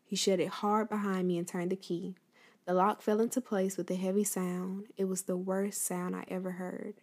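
A woman's voice: mid-range voice, level tone, moderate pace, darkish tone. A woman talking casually to her listeners about a piece of history, then reading a book passage aloud. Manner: addresses listeners directly, conversational. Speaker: host telling a history story.

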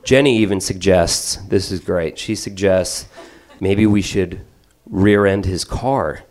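A man telling a long story in stand-up style, profane, rambling and animated. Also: low voice, slow pace.

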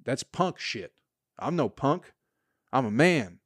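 A man's voice: medium pitch, big pitch swings, takes it slowly, no room sound, studio quality. A man around forty, hosting a solo comedy podcast and rambling crudely with profane, sarcastic asides. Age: 40s.

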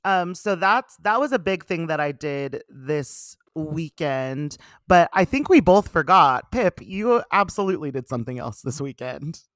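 A young woman co-hosting a casual podcast, chatty and animated, swearing casually as she talks. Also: low-pitched, measured pace, hardly any pauses, no room sound, clean studio sound. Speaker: podcast co-host. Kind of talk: casual chat.

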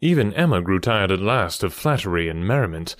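A man narrating a classic novel as an audiobook in an expressive storytelling manner. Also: low voice, brisk, dry recording, studio quality.

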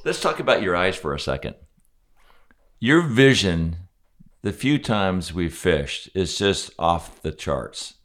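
A man hosting a casual interview, chatty and quick to laugh. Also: sits low, very animated. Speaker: host.

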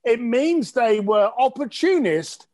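A man from East tells stories bluntly and cheekily, swearing freely. His voice sits high, and his pitch leaps around with animated energy. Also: takes it slowly. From East London. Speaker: interview guest. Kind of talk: casual storytelling interview.

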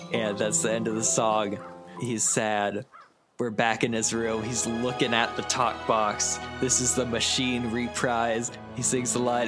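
A man co-hosting a podcast, retelling a story plot in casual chat. He is animated and laughs often. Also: mid-range voice, a little slow. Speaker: podcast co-host. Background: music.

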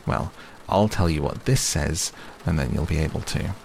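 A man's voice: rumbling low, normal speed, creaky, darkish tone, a little hiss or hum. A man voicing a pompous, self-important old male owl in a storybook reading.

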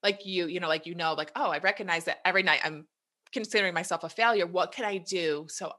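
A woman's voice: on the low side, fast, pushed and bright. A woman in her thirties or forties from the United States, a health coach talking earnestly with many "you know"s in a casual podcast chat.

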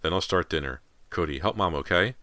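A man voicing a caring teenage daughter who speaks softly and reassuringly despite her fear. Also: low voice, animated, brisk, no echo. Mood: anxious. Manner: soft-spoken, reassuring. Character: caring teenage daughter, frightened but steady.

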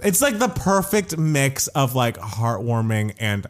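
Animated, gossipy man with a lively voice. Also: medium pitch, unhurried. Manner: animated, gossipy, laughs often, swears casually. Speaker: podcast co-host. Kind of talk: casual pop-culture chat.

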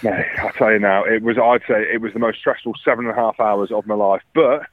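A man rambling excitedly and swearing freely as a podcast co-host calling in, in casual banter. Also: lowish voice, fairly quick, no echo. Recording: muffled phone line.

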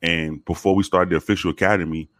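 Deep-voiced man telling a story casually. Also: fast, no room sound, clean studio sound. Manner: relaxed, conversational with fillers. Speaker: guest recounting academy training.

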